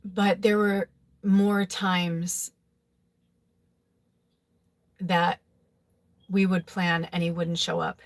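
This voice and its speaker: A woman's voice: on the low side, level tone, drawn-out words, pauses often. A woman who reads tarot, telling a personal story in a casual, rambling, emotional way, full of "like" and "you know.". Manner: rambling, filler-heavy, with frequent "like"; emotional, confessional. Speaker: psychic tarot reader.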